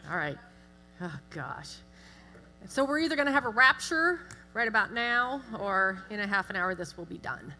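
Chatty woman with bright tone in echoing hall. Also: mid-range voice, moderate pace. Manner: self-deprecating, chatty, animated asides. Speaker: guest speaker. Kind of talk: church talk with humor. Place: church sanctuary. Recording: long hall reverb with music.

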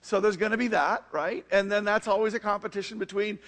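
Guy with a high voice preaching, talky and casual, keeps asking if you get what he means. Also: a little fast, few pauses, a bit bright. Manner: conversational, frequent "you know what I mean" asides. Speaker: pastor. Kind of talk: sermon.

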